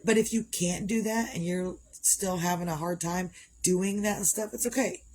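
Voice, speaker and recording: A woman with a somewhat low-pitched voice talks through a casual motivational vlog. She sounds tired and a little winded, and her delivery is candid and rambling, circling back over the same points. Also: moderate pace, a little mellow, rough recording. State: tired and a bit out of breath. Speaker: vlogger.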